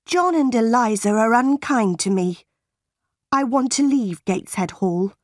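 A woman's voice: a little high, lively intonation, unhurried, no room sound, studio quality. A woman doing a defiant young orphan girl. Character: defiant ten-year-old orphan girl.

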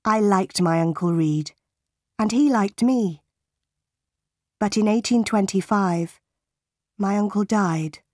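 Audiobook narrator: woman, slow and deliberate, mid-pitched, dry close sound. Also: dry recording. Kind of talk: scripted narration of a simplified novel.

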